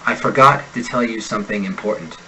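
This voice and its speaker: A man with a General American accent, an accent instructor reading example sentences and single words slowly and deliberately in a pronunciation lesson. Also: on the low side, bright, forceful tone, slight background noise, low-quality recording. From United States. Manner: slow, deliberate enunciation of sample words.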